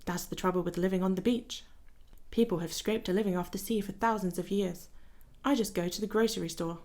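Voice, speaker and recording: A woman's voice: mid-range voice, steady tone, a little fast, darkish tone, close to an everyday voice. Dreamy old-fashioned guy with a put-on british accent, flowery and a bit self-mocking, woman putting him on. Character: whimsical, old-fashioned young male writer.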